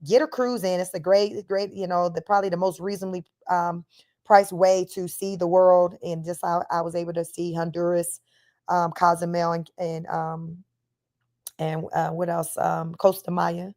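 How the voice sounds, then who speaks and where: A woman's voice: fairly low pitch, flat delivery, moderate pace, darkish tone. A woman from Northern California, hosting a casual livestream, reading viewer comments and chatting about her travels, often laughing while she talks and calling her viewers y'all. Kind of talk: casual chat.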